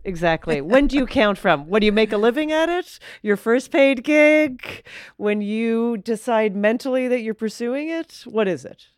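Smooth-voiced woman telling comedy stories. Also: fairly high pitch, a little slow, no room sound, clean studio sound. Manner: animated storyteller, acts out quoted voices. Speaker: guest comedian. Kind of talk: casual chat.

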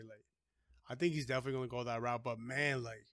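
A man's voice: medium pitch, fairly even intonation, quick pace, a bit bright, dry recording, clean studio sound. A man co-hosting a podcast in casual chat, easygoing and full of filler words. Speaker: podcast co-host.

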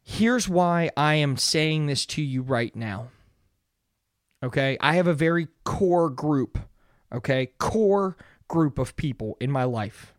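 A man's voice: on the high side, expressive, slow, no echo, clean studio sound. A young man hosting a solo motivational podcast, talking earnestly and conversationally and often checking in with "right?". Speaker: podcast host.

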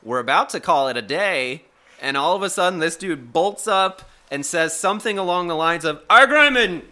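A man's voice: fairly high pitch, normal speed. A man telling a rambling, profane story in casual podcast chat, acting out the people in it. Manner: profane, animated, acts out quotes.

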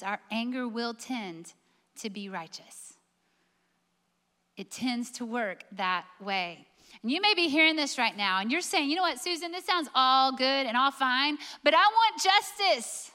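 A woman's voice: high voice, bright, forceful tone, long reverb tail. A woman preaching a sermon, emphatic and full of rhetorical questions.

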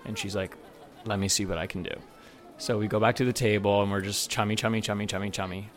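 Man, casual storytelling, slightly low voice, animated, acts out quotes. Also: fast talker, a faint crowd. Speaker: bartender and server telling a story.

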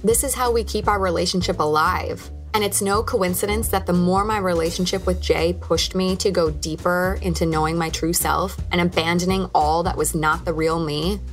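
Low-voiced woman telling her own story. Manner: reflective, candid storytelling. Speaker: podcast host. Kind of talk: personal storytelling.

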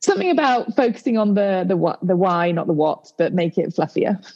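A woman yoga teacher, a guest on a casual podcast interview, speaking in a relaxed way with hesitant fillers and easy laughter. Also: fairly low pitch, fairly quick, highs cut off.

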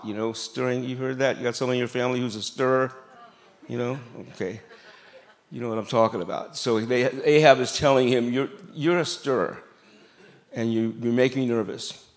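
With a brisk, steady, mid-range voice, a middle-aged man delivers a sermon from a church sanctuary. He's a pastor with a chatty, humorous style who throws asides to the congregation.

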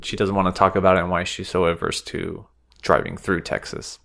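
A man's voice: sits low, little pitch movement, fairly quick, vocal fry, fairly bright tone. A man hosting a podcast, casually recapping film scenes in a loose, profane way. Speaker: podcast host.

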